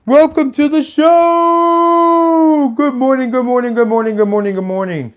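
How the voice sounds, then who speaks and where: Booming sing-song announcer as a man puts him on, high, loud, over-the-top morning show host. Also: steady tone, unhurried. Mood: hyped. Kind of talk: live stream impression.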